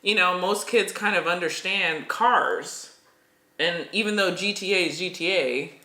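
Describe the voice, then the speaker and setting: A middle-aged podcast co-host telling a story in casual chat, animated and breaking into nervous laughs. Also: mid-range voice, a little slow. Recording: echoey room.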